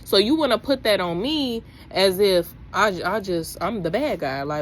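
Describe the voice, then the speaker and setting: A young adult woman, talking casually to camera about faith, preachy and animated, with her voice climbing when she exclaims. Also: medium pitch, moderate pace, few pauses, slight background noise. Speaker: faith vlogger.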